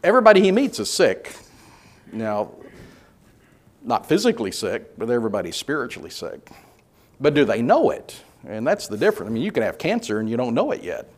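Man teaching a relaxed Bible class. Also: medium pitch, fairly quick, pauses often. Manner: relaxed, hesitant, with many filler sounds; asks the group questions and reads scripture aloud.

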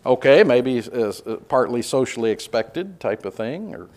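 A man teaching a conversational Bible class, relaxed and hesitant with many filler sounds, putting questions to the group. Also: mid-range voice, moderate pace. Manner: asks the group questions and reads scripture aloud.

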